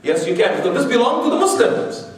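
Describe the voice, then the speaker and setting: A man's voice: extremely high pitch, sing-song, fast. A man giving a religious history lecture to an audience, chatty and digressive, full of "you know" and rhetorical questions. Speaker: Islamic lecturer. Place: large room with a live audience. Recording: very echoey hall, mic far off.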